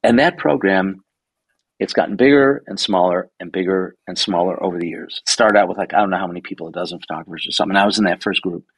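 A man in his sixties with a low, gravelly, somewhat husky voice, recorded dry and close. He chats through anecdotes in a loose, animated way, swearing casually and acting out the voices of the people he quotes. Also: quick pace, no echo, low-quality recording. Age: 60s. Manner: animated, swears freely, acts out quoted dialogue. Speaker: guest photographer. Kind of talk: casual interview storytelling.

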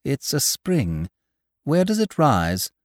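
A man voicing a calm, confident gentleman of about forty who investigates a mystery. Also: mid-range voice, slow pace, no room sound, studio quality, pitched above the performer's own voice. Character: calm, amused gentleman detective around forty.

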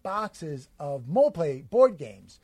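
A man co-hosting a comedy podcast, telling an absurd tall tale in a rambling deadpan way and acting out quotes. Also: a little high, slow pace, slightly rough, dry recording. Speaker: podcast co-host.

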